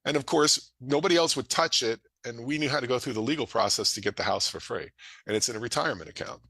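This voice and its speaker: A middle-aged man presenting to an audience in an energetic, folksy way, acting out dialogue. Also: fast talker, gravelly, no room sound. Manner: energetic, folksy, acts out dialogue with rising pitch. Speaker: real estate investor presenting a webinar.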